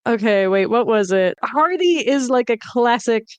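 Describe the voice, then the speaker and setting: A woman's voice: fairly high pitch, animated, normal speed, darkish tone, no room sound. A woman chatting casually with friends while planning a tabletop game, joking around. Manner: joking, trying out a transatlantic gangster voice. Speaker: player.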